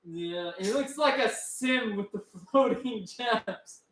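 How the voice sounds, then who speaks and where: A man's voice: sits high, takes it slowly, fairly bright tone, roomy sound, slight background noise. A man co-hosting a casual livestream, rambling and telling stories to the chat. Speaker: co-host.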